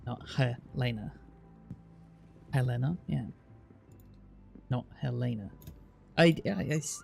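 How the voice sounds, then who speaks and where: A man's voice: mid-range voice, animated, takes it slowly, vocal fry, long pauses, faint music behind. A British man live-streaming, reading out place names one by one and chatting casually with his viewers, with the odd swear.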